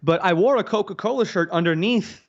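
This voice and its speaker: A man's voice: high voice, brisk. A man from the Southern United States chatting casually as a podcast guest, joking crudely and poking fun at himself. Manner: joking, self-mocking, crude. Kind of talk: casual chat. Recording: dull lo-fi audio.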